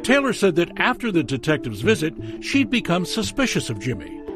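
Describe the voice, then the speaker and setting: A man's voice: sits high, wildly swooping pitch, fairly quick. A man narrating a true-crime broadcast in a scripted, emphatic documentary style. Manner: dramatic, emphatic delivery. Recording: studio voice-over over music.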